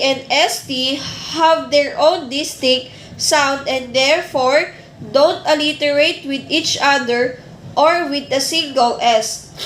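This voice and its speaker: Woman teacher, high voice, classroom lesson, echoey room. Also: a bit bright, a little hiss or hum. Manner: deliberate, explaining step by step with restarts. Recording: echoey room with faint ambience.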